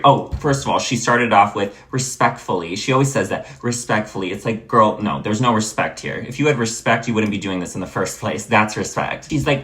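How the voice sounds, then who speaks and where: A man's voice: fairly low pitch, a little fast, hardly any pauses, fairly bright tone. A young man telling a storytime vlog rant, exasperated and blunt, swearing freely as he vents. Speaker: vlogger.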